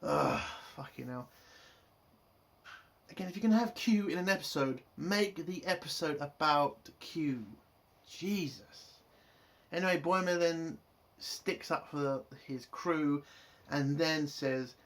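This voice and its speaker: A man's voice: on the high side, takes it slowly. A man giving a casual episode review, frustrated and swearing, building into exasperated outbursts. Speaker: show reviewer.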